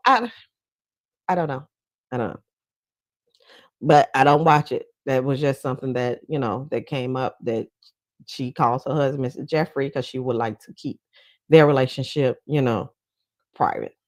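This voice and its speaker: A woman's voice: a bass voice, a little slow, pauses often, dry recording. A woman giving casual commentary in a blunt, profane, chatty way, often breaking into laughs. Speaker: commentary vlogger.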